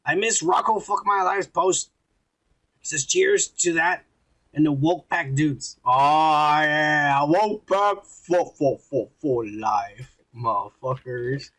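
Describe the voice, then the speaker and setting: A man's voice: on the high side, vocal fry, fairly bright tone, slightly rough. A man co-hosting a podcast, chatting casually, swearing often and reading viewer comments aloud. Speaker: podcast co-host. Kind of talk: casual drunk podcast banter.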